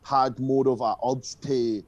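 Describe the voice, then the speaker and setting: A man's voice: medium pitch, fairly even intonation, a little slow, no echo, muffled recording. A young Scottish man telling stories from his school days in a casual interview, rambling and swearing, full of fillers. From Scotland. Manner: rambling, profane, with frequent fillers. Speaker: guest musician.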